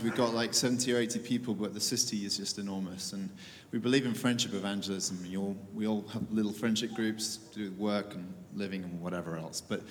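A man's voice: fairly low pitch, in a large hall, a little hiss or hum. A man, a church leader, giving an informal talk to an audience, conversational and hesitant with fillers and dry humor.

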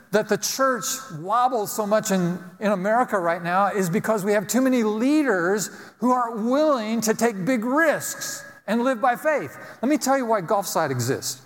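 Male pastor, fairly high voice, emphatic sermon with repeated refrains, long hall reverb. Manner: emphatic preaching with repeated phrases, ending in a quieter prayer.

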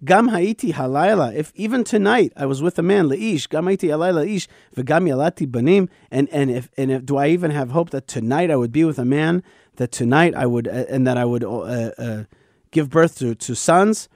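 Show host, male, higher-pitched voice, emphatic scripture teaching with stammered restarts, dry sound. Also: animated, moderate pace, darkish tone, no room sound.

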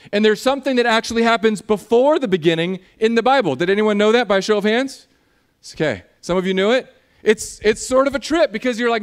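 A man preaching a sermon in a church, animated and jokey, acting out voices as he talks. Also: sits high. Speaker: pastor.

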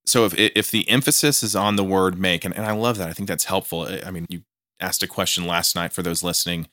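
A low-voiced man with a bright, forceful tone hosts a casual podcast interview. He is eager and repeats himself as he restarts his phrases. The sound is dry and close, from a small studio. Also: steady tone, fairly quick, no echo. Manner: enthusiastic, repetitive restarts, stammering on words. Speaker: podcast host. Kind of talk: interviewing guest in casual chat.

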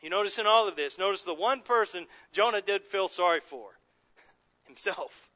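A man delivers a sermon to his congregation in a voice that sits a little high and sounds bright and forward. He is earnest and conversational, restarting phrases and chuckling softly now and then as he explains the text. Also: normal speed. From Southern California. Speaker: pastor.

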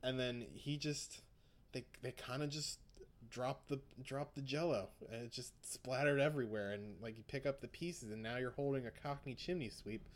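A man's voice: mid-range voice, normal speed. A young man co-hosting a podcast in casual chat, rambling and laughing often. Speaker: podcast co-host.

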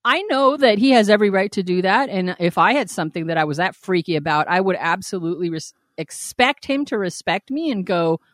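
A woman co-hosting a podcast, telling a story in a lively, profane way and acting out the quoted lines. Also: medium pitch, a little fast, few pauses, no room sound, studio quality. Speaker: podcast co-host. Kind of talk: casual podcast chat.

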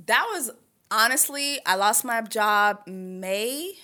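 Young adult woman, talk-show guest, bright and forceful tone, frank storyteller. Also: a little high, expressive, slow pace. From United States. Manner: frank, storytelling, slangy asides. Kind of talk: candid conversational storytelling.

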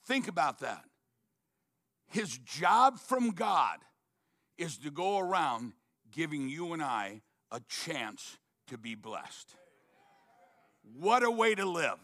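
A man's voice: a little high, big pitch swings, slow, vocal fry, pauses often, fairly bright tone. A male pastor preaching, retelling a story earnestly with frequent restarts. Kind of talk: sermon storytelling.

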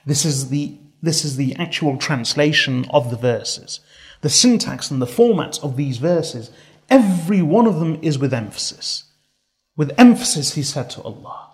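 A man delivers a sermon in a somewhat high voice. He recites Arabic verses and translates them, pressing hard on each point. He builds his ideas into long repetitive lists. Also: expressive, moderate pace, darkish tone. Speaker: preacher.

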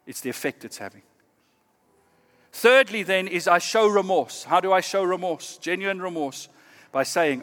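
Man, pastor, sermon, earnest and measured, slightly higher voice, long hall reverb. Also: animated. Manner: earnest, measured, drops to quiet emphasis.

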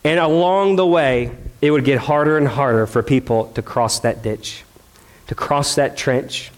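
A man's voice: mid-range voice, unhurried. A male pastor preaching a sermon in a conversational, dramatic way, asking the crowd questions and acting out the voices he quotes.

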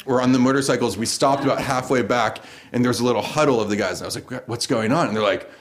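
An American man at a middle pitch tells a true story aloud, loose and chatty. He keeps slipping into laughter as it gets absurd. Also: quick pace, hardly any pauses. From United States. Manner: casual, laughs through the funny parts. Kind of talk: personal story told live.

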